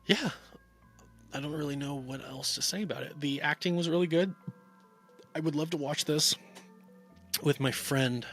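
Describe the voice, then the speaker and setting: A man's voice: a little high, normal speed, pauses often, a bit bright, faint music behind. A man giving a casual, rambling spoken movie review, full of fillers and restarts. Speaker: film reviewer.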